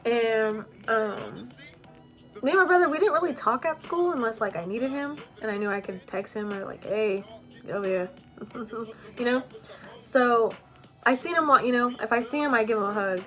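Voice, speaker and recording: A woman's voice: a little high, normal speed, a bit bright, faint music behind. A young woman telling a personal story in a casual, rambling way, full of "like" and "you know".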